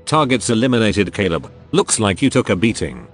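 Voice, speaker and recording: A man's synthetic text-to-speech voice reading the lines of a calm, loyal male officer. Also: on the low side, a little fast, soft background music. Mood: concerned.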